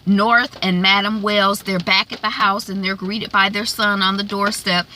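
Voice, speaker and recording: A woman's voice: mid-range voice, little pitch movement, moderate pace, pushed and bright, a little hiss or hum. A woman recapping a TV episode in a casual, rambling vlog, full of fillers and restarts. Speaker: TV recap vlogger.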